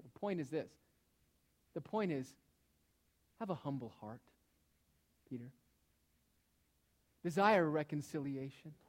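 A man preaching a sermon who speaks with emphasis, asks pointed rhetorical questions and lets his phrases trail off softly. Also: on the high side.

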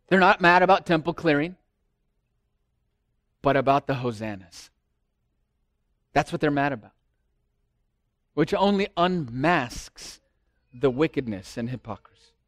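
High-voiced man preaching a dramatic sermon. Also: no echo, clean studio sound. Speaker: pastor.

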